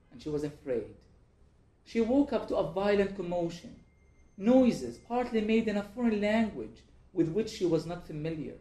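A man, the author and guest, reads from his book in a measured, deliberate way and answers questions in halting speech with many restarts. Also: on the high side, dark tone. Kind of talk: reading aloud from his book, then interview answers. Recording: echoey room.

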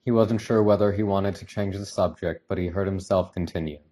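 A man reads a novel aloud in a measured, even audiobook style. His voice sits very low, with a dark, mellow tone. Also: a little hiss or hum. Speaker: narrator.

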